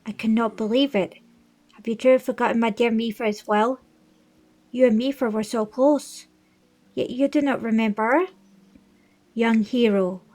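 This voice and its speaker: A woman's voice: fairly high pitch, darkish tone, lightly acted. A woman voicing a stately old fish-folk king. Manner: formal, stately reading of game dialogue. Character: older male fish-folk king, regal and fatherly. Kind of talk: reading video game dialogue aloud.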